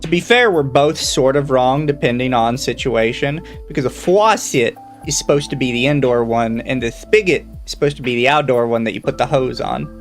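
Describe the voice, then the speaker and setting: A man's voice: mid-range voice, moderate pace, hardly any pauses, faint music behind. A man with a Southern American accent, hosting a casual podcast chat with dry, wry storytelling. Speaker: podcast host.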